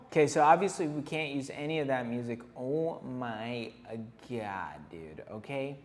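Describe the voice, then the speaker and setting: A man's voice: mid-range voice, animated, slow. A man who is a tattoo artist, hosting a casual reaction commentary in a blunt, rambling and profane manner. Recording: roomy echo with long reverb, faint hiss.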